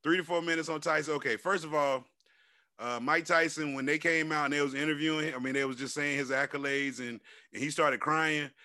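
A man's voice: on the high side, steady tone, a little fast, sharp tone, no room sound, clean studio sound. A man co-hosting a casual chat show, talking animatedly and profanely, acting out quotes in a raised voice. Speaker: podcast co-host.

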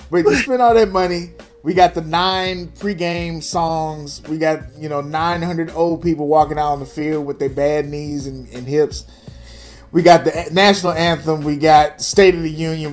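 A young man talks sports in loose, profane banter, quick to dismiss what bugs him. His voice sits slightly high, and faint music runs low beneath the chat. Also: fairly even intonation. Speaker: podcast co-host.

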